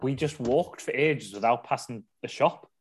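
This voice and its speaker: A man from England hosting a casual football podcast, chatty and quick to laugh. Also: mid-range voice, breathy edge. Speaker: podcast host.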